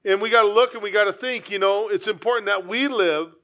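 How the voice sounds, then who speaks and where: A man's voice: high-pitched, a little fast, fairly bright tone. A man preaching a sermon as pastor, earnest and conversational, with frequent asides to the congregation.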